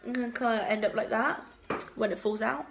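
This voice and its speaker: Young woman, casual vlogger, light high voice, rambling and giggly. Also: steady tone, fairly quick, over music. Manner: chatty, giggly, lots of fillers. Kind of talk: casual chat to camera.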